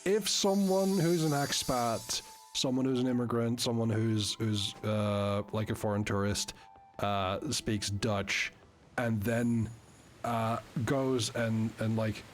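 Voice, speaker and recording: Male streamer, unhurried and animated, rambling casual chat with frequent fillers. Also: medium pitch. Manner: rambling, full of fillers and restarts.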